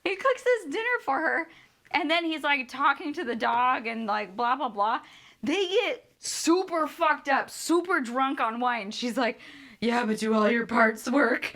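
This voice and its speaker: High, lively woman ranting. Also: measured pace. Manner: profane, sarcastic, laughing. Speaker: streamer. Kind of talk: ranting book review.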